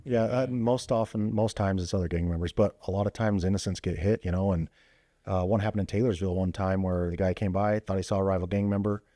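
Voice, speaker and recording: Fast-talking low-voiced man telling stories. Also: no echo. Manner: animated, quick storytelling with many fillers and restarts. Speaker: podcast guest, former police officer. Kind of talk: casual storytelling interview. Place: podcast studio.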